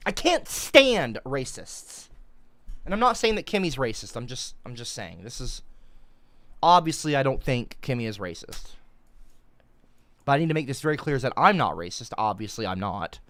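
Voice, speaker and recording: A commentator ranting over an article, stammering and repeating points for emphasis. The voice leaps up and down in pitch as the outrage builds. It sits close and dry, with no room sound. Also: very animated, moderate pace, long pauses, a bit bright, no echo. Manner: emphatic, repetitive, stammering restarts, swings high when outraged. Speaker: online commentator.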